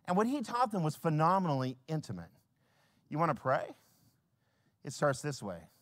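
A male pastor preaching a sermon, swinging from hushed lines to loud acted-out scenes. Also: a little high, huge pitch swings, moderate pace. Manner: acts out little scenes in quoted voices.

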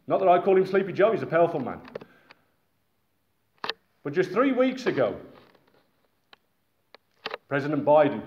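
A man from Britain preaching a sermon in a lively, conversational way with asides to his listeners. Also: on the high side, a little hiss or hum. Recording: echoey, dull-sounding hall recording.

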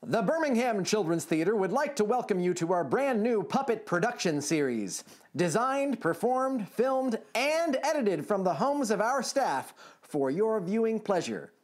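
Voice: mid-range voice, very animated, unhurried, darkish tone. A theatre staff member giving a formal welcome announcement, phrase by phrase.

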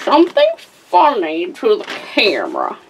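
A woman's voice: medium pitch, wildly swooping pitch, a little slow, noisy background. A woman voicing a cheeky, doddering old grandma pony toy who quavers and exclaims. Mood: joking.

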